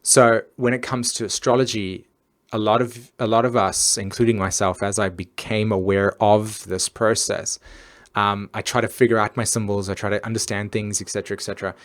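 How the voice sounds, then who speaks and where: A man's voice: on the low side, flat delivery, normal speed. A man hosting an astrology live stream, talking earnestly and casually with many fillers and restarts.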